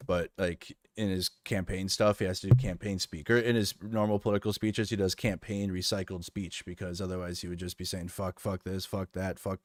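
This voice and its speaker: Male streamer reacting to news, fairly low voice, dry close mic, sarcastic and rambling. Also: fairly even intonation, a little fast, few pauses, dry recording. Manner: sarcastic, rambling, with frequent restarts. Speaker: political commentary streamer. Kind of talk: casual reaction commentary.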